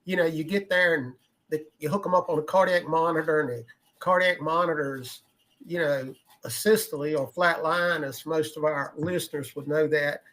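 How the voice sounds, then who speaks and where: Man in his 60s, slightly higher pitch, rambling conversational co-host. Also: fairly even intonation, moderate pace, a bit bright. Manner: rambling, repeats words while thinking aloud. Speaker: podcast co-host, emergency medical veteran. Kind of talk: casual conversation.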